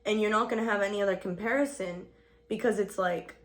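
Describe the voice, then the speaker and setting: A woman's voice: medium pitch, steady tone, fast talker. A woman in her twenties vlogging a casual get-ready-with-me chat, rambling and swearing, saying "like" a lot and laughing often.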